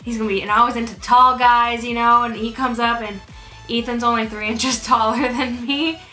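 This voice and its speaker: A woman's voice: a little high, fairly even intonation, moderate pace, bright, forceful tone. A young woman chatting casually in a Q&A vlog, rambling with fillers and restarts. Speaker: beauty YouTuber. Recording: echoey room with music behind.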